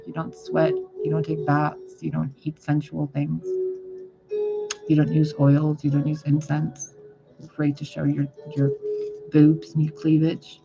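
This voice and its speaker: A man with a raised, gravelly voice talks bluntly and swears freely as a tarot reader in a casual advice vlog. The sound is dull and lo-fi, with loud music playing underneath. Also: fairly high pitch. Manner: blunt, profane, chatty.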